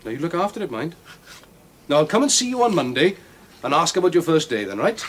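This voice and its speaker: Kindly older brother, gentle coaxing voice, fairly high, lively pitch, faint hiss. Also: male voice, fast talker. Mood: cheerful. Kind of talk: 1970s television period drama.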